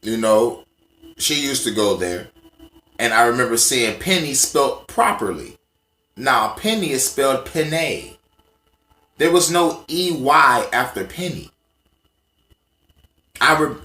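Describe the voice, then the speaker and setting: A man's voice: a little high, very animated, a little slow, long pauses, a bit bright, echoey room. A man ranting casually to the camera, profane and emphatic as he tells stories from memory. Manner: profane, emphatic, conversational storytelling. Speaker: vlogger.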